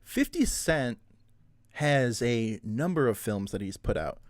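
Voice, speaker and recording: A man's voice: mid-range voice, big pitch swings, takes it slowly, dry recording, clean studio sound. A man co-hosting a casual podcast, joking and laughing often as he chats. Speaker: podcast co-host. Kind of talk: casual chat.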